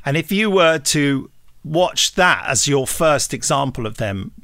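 A man's voice: fairly high pitch, expressive, unhurried, pushed and bright, no echo, studio quality. A man with an English accent, a podcast guest chatting casually and animatedly, full of restarts and asides.

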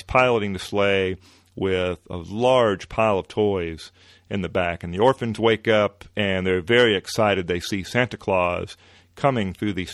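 A man hosting a podcast, retelling an old comic-book story in a relaxed way with many fillers. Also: deep voice, no room sound, studio quality. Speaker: podcast host.

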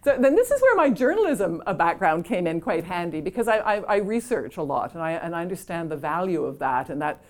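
A woman's voice: on the low side, sing-song, brisk, few pauses, darkish tone. A middle-aged woman from Canada telling a self-deprecating story to an audience, laughing often and acting out the voices of the people she quotes. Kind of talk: anecdotal storytelling.

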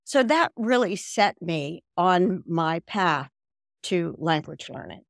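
Older southern-raised lady chatting on a video call, lively storyteller, dry sound. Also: on the low side, slow, vocal fry, no room sound. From American South. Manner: animated storyteller, mimics voices. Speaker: guest, language program founder. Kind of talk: interview over video call.

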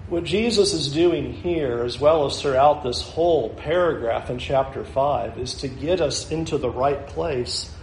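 A man's voice: a little high, darkish tone, echoey room, a little hiss or hum, poor audio. A male pastor preaching a sermon, earnest and building to emphatic challenges.

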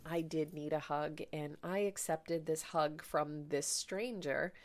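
A woman's voice: low voice, steady tone, slow, hardly any pauses. A woman podcast host telling a personal story in a candid, emotional, chatty way, full of fillers.

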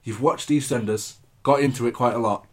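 A man's voice: medium pitch, brisk. A man, co-hosting a podcast in casual chat, blunt and teasing. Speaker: podcast co-host.

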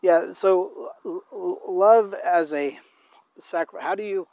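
A man's voice: high voice, creaky, a little mellow, no room sound. A man chatting casually about faith and love, rambling and restarting often as he talks while walking outdoors. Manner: rambling, halting with many restarts. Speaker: co-host.

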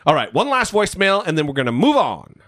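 A man's voice: on the high side, fast talker, no room sound, clean studio sound. A man co-hosting a podcast in casual chat, swearing freely and joking about himself. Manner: profane, self-deprecating, animated. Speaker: podcast co-host.

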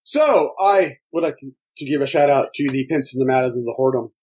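A man co-hosting a podcast in casual chat, rambling and excitable, laughing often. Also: medium pitch, fast, breathy edge. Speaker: podcast co-host.

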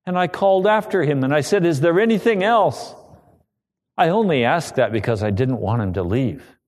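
A man preaching a sermon, telling a personal story with emotion that rises to loud pleading. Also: mid-range voice, fairly quick. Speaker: pastor.

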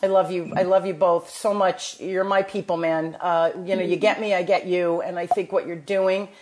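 A woman's voice: fairly low pitch, level tone, moderate pace, darkish tone. A woman with a New Jersey accent, hosting a podcast and giving enthusiastic, motivational talk full of restarts. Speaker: podcast host. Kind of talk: casual chat.

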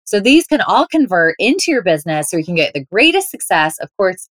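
A woman's voice: medium pitch, big pitch swings, a little fast, fairly bright tone, dry recording, clean studio sound. A woman guest on a podcast interview, talking in an upbeat, playful way. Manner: upbeat, playful, laughs often. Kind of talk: interview, conversational.

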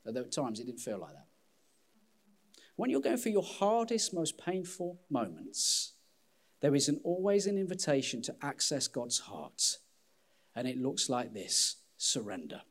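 A man preaching a sermon as pastor, candid and self-deprecating, with an animated delivery. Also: mid-range voice, a little slow.

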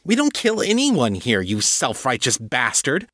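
A man's voice: medium pitch, huge pitch swings, a little slow, fairly bright tone, dry recording, studio quality, voice pushed up, full character voice. A man reading a story, voicing a fierce, defiant female succubus who hisses and rises sharply in anger. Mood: furious. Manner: hissing, heated, rising sharply. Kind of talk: audiobook reading.

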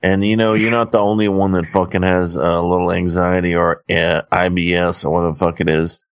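A man's voice: sits low, level tone, brisk, smooth, no echo, highs cut off. A man co-hosting a podcast, rambling in crude, profane casual chat. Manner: profane, rambling, laid-back. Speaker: podcast co-host.

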